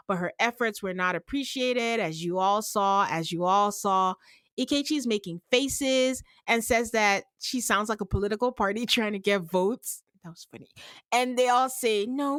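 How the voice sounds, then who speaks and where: A woman hosting a casual podcast recap, telling the story with lively acted-out quotes. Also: no room sound. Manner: animated storyteller, acts out quotes with big pitch jumps. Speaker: podcast host recapping a reality show. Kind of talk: casual chat.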